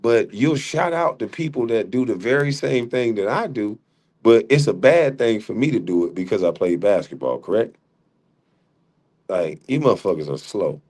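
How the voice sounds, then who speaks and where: A middle-aged man hosting a livestream argues heatedly with a rival, mocking him and laughing often. His voice is medium-pitched and a little mellow, and his manner is combative.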